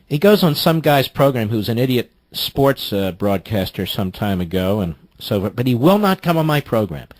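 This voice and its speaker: Brief: combative radio host, dry close studio sound, voice leaps up when outraged. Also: male voice, medium pitch, sing-song, moderate pace, hardly any pauses, dry recording. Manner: indignant, mocking, sharp outbursts. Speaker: radio talk show host. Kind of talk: political talk radio commentary. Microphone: studio microphone.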